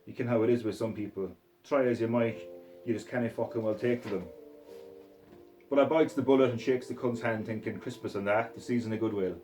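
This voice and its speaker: A man's voice: lowish voice, steady tone, brisk, a little mellow, faint music behind. Man telling a story in a put-on Scottish accent. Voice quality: rough, profane, swaggering narration in character. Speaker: reader of a short story. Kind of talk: first-person story reading.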